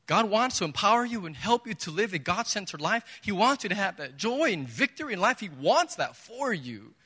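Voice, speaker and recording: A man's voice: a little high, pushed and bright. Emphatic male preacher in a reverberant hall. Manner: emphatic, conversational preaching with rhetorical questions. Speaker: pastor. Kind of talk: sermon. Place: church sanctuary.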